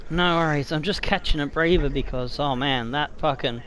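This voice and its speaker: A man with an Australian accent commentating his own racing game stream, excitable and swearing freely, yelping at scary moments. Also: a little high, moderate pace, low-quality recording. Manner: excitable, swears a lot, yelps at scares. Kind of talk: casual gameplay commentary.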